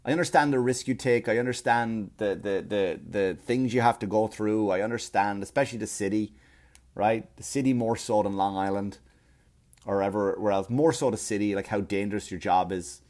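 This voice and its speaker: A man delivering a profane comedic rant, animated and repetitive, often stumbling over his words. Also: lowish voice, fairly quick. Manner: animated, profane, repeats himself. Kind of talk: ranting comedic monologue.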